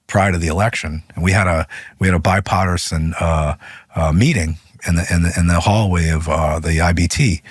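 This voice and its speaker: Husky low-voiced man telling a story. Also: a little fast, no room sound. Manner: animated, voice rises when retelling arguments. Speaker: union leader guest. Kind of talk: interview storytelling.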